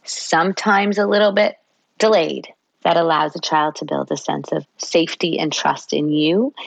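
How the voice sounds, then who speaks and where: Her voice sits low with some vocal fry as she, a psychologist interviewed on a podcast, explains at length in a warm way and performs brief parent-child scenes. There's no room sound, and the recording quality is low.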